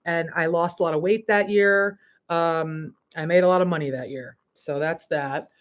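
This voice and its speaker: A woman spiritual coach giving a candid livestream monologue, laughing and swearing, swinging between hushed asides and emphatic bursts. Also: on the low side, fairly even intonation, normal speed.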